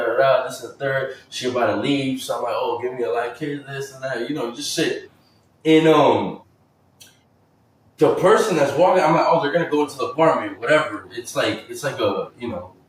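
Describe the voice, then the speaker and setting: Young man, casual storytime, slangy, profane, rambling, echoey room, distant mic, faint background hum. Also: mid-range voice. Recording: roomy echo, mic far off.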